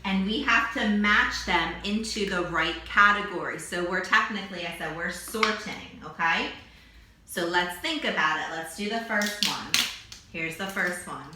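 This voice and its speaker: A woman teacher giving a phonics lesson to young children, slowly sounding out each vowel and letter. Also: on the low side, sharp tone, slight background noise. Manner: slow, drawn-out sounding of letters. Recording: echoey room, distant mic.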